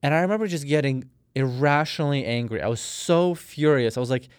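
A man's voice: medium pitch, a little fast, clear, resonant tone, dry recording, studio quality. A man in his thirties from Russia, a podcast guest telling a personal story in a rambling, casual way with many fillers. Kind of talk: casual interview talk.

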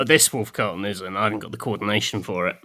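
A man's voice: on the low side, fast, pushed and bright, dry recording, clean studio sound. A man, co-hosting a podcast and joking about himself in casual chat. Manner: self-deprecating, jokey. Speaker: podcast co-host.

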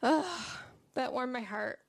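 A woman's voice: a little high, unhurried, creaky. A woman in her thirties, a morning show co-host, telling a family story in casual chat and laughing often.

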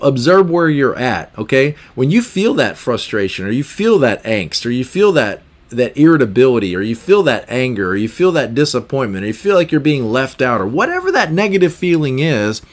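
A man hosting a self-help podcast, talking through ideas as he thinks, with frequent restarts and rhetorical questions. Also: mid-range voice. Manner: thinks aloud, repeats words, asks rhetorical questions. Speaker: podcast host. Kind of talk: reflective self-help talk.

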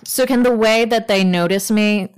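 A woman's voice: mid-range voice, moderate pace, smooth. A woman playing a tabletop role-playing game, asking tentative questions in casual talk. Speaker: player.

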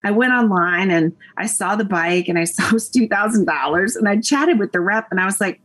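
A woman from Tennessee tells stories as a guest on a chatty interview show. Her voice is somewhat husky, and she laughs often. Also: mid-range voice, fairly quick, few pauses. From Nashville, Tennessee. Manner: animated storyteller, laughs often. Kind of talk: casual chat.

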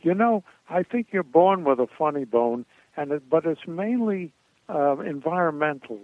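An older man appears as a guest in an anecdotal storytelling interview, rambling through stories and chuckling now and then. His voice is a little high and animated, at a normal speed. The recording is dry, over a tinny, phone-like line.

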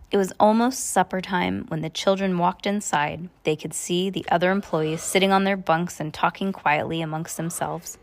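A woman's voice: lowish voice, moderate pace, few pauses. A woman, a parent, reading a book aloud to her child in plain narration with small stumbles and self-corrections.

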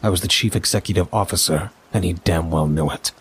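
A man narrating a first-person story in a measured, dry way. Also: deep voice, husky.

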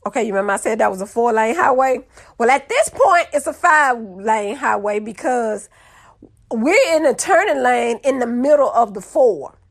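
A young woman, telling a funny story to her viewers in a lively, casual way. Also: fairly high pitch, moderate pace. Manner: animated, drawling, addresses audience as y'all.

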